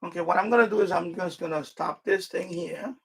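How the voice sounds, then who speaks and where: A man with a fairly high, gravelly voice hosts a casual live stream, chatting as he works. His tone is husky and a little rough. He rambles, repeats himself, and swears at his gear. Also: fairly quick, fairly bright tone. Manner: rambling, frustrated asides and mild swearing; repeats himself and restarts sentences.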